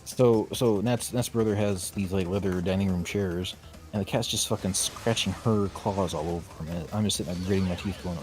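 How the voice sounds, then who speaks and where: A man's voice: sits low, fairly even intonation, brisk. A man co-hosting a game stream, talking casually in a blunt, joking way with stumbling restarts. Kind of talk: casual chat. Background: video game music.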